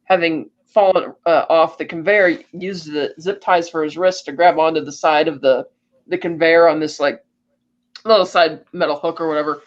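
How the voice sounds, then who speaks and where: A man co-hosting a podcast, retelling a movie plot in a casual, animated way and jumping into quick voices for the characters. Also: on the high side, highs cut off. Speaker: podcast co-host. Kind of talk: casual film recap.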